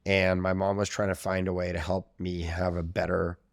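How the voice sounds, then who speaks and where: A man's voice: deep voice, level tone, moderate pace, gravelly, no room sound, studio quality. A man being interviewed as a podcast guest, recalling his past in a rambling, hesitant way full of "like" and "I guess.". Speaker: podcast guest, tech founder. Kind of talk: casual interview storytelling.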